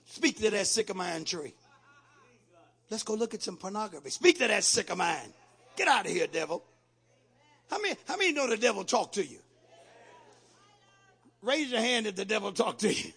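A man preaching a sermon to his congregation, repeating phrases, asking the crowd questions and shouting out lines. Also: sits high, big pitch swings, moderate pace, pauses often, breathy edge. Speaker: pastor.

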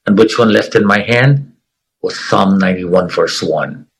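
A middle-aged man giving an earnest, emotional personal testimony as an interview guest, with dramatic pauses. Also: low-pitched, creaky, husky, poor audio.

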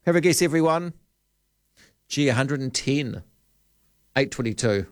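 A man's voice: mid-range voice, expressive, measured pace, dry recording. A man hosting a talkback radio show, rambling and joking as he thinks aloud at a studio microphone. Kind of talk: casual radio chat.

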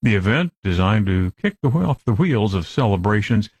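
A man reading radio news in a steady, formal way. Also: fairly low pitch, normal speed, slightly rough, dry recording. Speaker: newscaster.

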